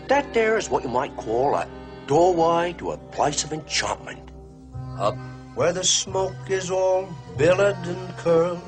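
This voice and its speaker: A man playing a cheerful chimney sweep in a musical film, with a put-on Cockney accent and an exaggerated sing-song lilt. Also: on the high side. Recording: film clip with music behind.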